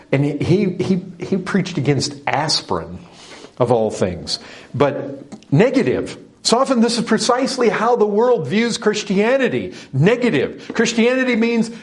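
A man preaching a sermon, emphatic, with sudden surges in pitch and loudness.

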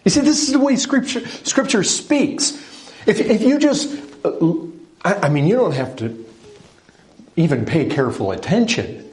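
A man's voice: high-pitched, very animated, moderate pace, a little mellow. A man preaching a sermon, speaking with emphasis and putting direct questions to his listeners. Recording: echoey room.

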